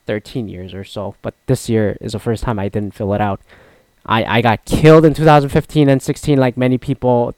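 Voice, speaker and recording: Male podcast host, smooth resonant voice, dry close sound, rambling profane casual sports talk. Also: medium pitch, a little mellow, dry recording. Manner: rambling, profane, frequent restarts. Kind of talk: casual solo sports chat.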